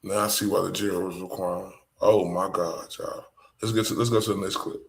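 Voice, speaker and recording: A man's voice: sits low, level tone, moderate pace, creaky, a little hiss or hum, poor audio. A man with a Texan accent, a live-stream commentator reading a transcript aloud with emotional reactions. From Dallas, Texas. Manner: emotional, exclaiming in disbelief.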